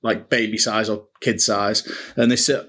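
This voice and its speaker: A man's voice: fairly low pitch, level tone, moderate pace, fairly bright tone. A man, co-hosting a casual podcast chat and telling stories with laughs, calling his co-host mate. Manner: chatty, laughing storyteller, says "mate" a lot.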